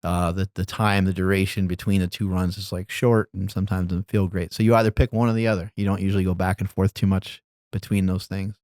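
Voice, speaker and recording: A man's voice: deep voice, fast, no echo, clean studio sound. Laid-back man telling rambling stories. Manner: relaxed, rambling, laughs while telling stories. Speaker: podcast guest. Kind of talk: casual storytelling.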